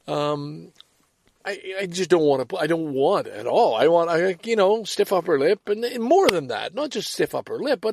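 Older man, Canadian accent, gravelly, dry close sound, rambling monologue, self-deprecating, swearing. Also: on the high side, big pitch swings, moderate pace, a little mellow, dry recording. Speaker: podcast host.

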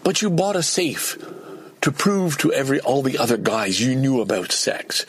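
Middle-aged man, ranty and self-mocking, husky, dry close sound. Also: medium pitch, moderate pace, dry recording. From Canada. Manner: excitable, ranting, self-deprecating. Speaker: podcaster. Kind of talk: solo podcast monologue.

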